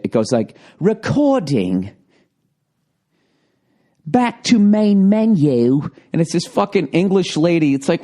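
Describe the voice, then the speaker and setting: A man hosting his podcast from home, ranting sarcastically with lots of swearing in a rambling comedic monologue, recorded on a handheld digital recorder. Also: a little high. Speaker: podcast host.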